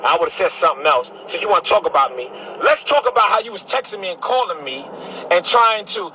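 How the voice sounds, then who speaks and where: A man's voice: high voice, expressive, fairly quick, pushed and bright, a little hiss or hum, rough recording. A man from Brooklyn, a bishop delivering a heated, combative monologue to camera, repeating his phrases as he preaches. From Brooklyn, New York.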